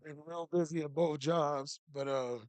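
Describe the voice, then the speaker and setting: A man co-hosting a podcast in relaxed casual chat, slangy and full of shout-outs. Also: a little high, unhurried, dry recording. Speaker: podcast co-host.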